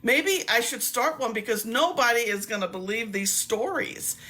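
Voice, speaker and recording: Woman host, casual live-stream chatter, bright tone, talkative and rambling. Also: fairly high pitch, animated, moderate pace. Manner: chatty and rambling, laughs often.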